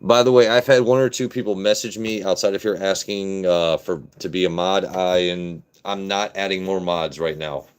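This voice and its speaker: A man from Southern Maryland hosting a casual livestream, talking to his chat and letting his voice drop deep and blunt. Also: steady tone, moderate pace, hardly any pauses, clean tone. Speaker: livestream host.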